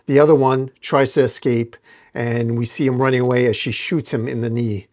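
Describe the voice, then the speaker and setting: A man hosting a comic book channel, narrating a dramatic comic recap in a steady storytelling manner. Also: medium pitch, normal speed.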